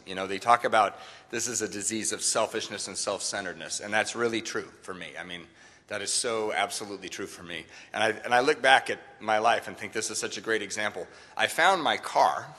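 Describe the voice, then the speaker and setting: A middle-aged man giving candid, self-mocking personal testimony to a live audience, with halting fillers between thoughts. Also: mid-range voice, pushed and bright, in a large hall. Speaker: speaker sharing his recovery story.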